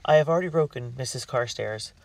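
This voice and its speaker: A man voicing a gentle urgent young steward. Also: medium pitch, fast talker, gravelly, dry recording, natural voice. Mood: reassuring. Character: young male ship steward, kind and urgent. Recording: dry, distant mic.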